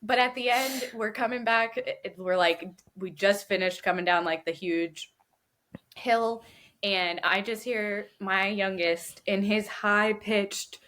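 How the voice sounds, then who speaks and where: Woman, thirties, podcast co-host. Animated storyteller who laughs a lot and acts out voices. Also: medium pitch, unhurried. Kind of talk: casual chat. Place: lives in Florida.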